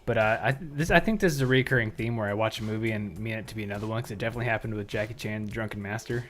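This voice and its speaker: A man's voice: fairly low pitch, very fast, fairly bright tone, faint music behind. A man co-hosting a casual movie podcast, telling rambling stories and joking around. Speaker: podcast co-host. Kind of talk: casual chat.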